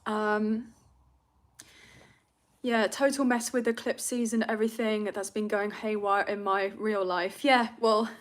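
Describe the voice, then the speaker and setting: A young British woman with a London accent hosts a tarot livestream, reading comments and chatting emotionally with viewers. Her medium-pitched voice is fairly even, unhurried and full of pauses, and she rambles with fillers and nervous laughs.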